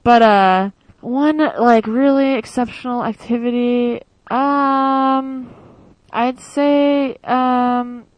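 A woman's voice: a little high, steady tone, extremely slow, clear, resonant tone, dry recording, rough recording. A young woman from the United States tells stories casually in an interview, chatty with many fillers and with quoted voices acted out. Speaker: former exchange student.

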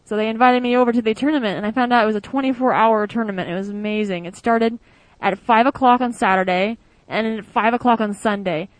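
A woman's voice: a little high, fairly even intonation, quick pace, few pauses, no room sound, low-quality recording. A young woman from the United States tells stories casually in an interview, chatty with many fillers and with quoted voices acted out. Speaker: former exchange student.

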